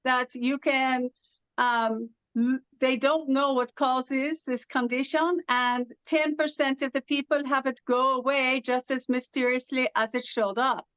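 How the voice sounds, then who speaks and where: High, smooth woman with British-sounding accent. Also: fairly even intonation, measured pace, fairly bright tone, dry recording. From Los Angeles, California. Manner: speaks with a foreign-sounding accent from a speech condition, often described as British. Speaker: interview guest. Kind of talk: casual conversation.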